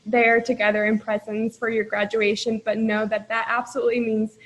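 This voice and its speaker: Tearful woman with a high, flat voice. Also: brisk, low-quality recording. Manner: emotional, holding back tears. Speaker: speaker congratulating graduates. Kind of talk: emotional speech. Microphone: video call.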